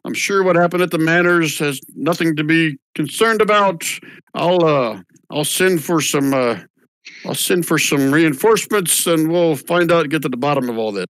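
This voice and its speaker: A man's voice: fairly high pitch, moderate pace, a bit bright, dry recording, pitched above the performer's own voice, natural voice. A man voicing a placating old white-bearded town leader in a tabletop game. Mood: soothing. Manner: soothing, placating, hesitant. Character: worried old mayor with big white beard.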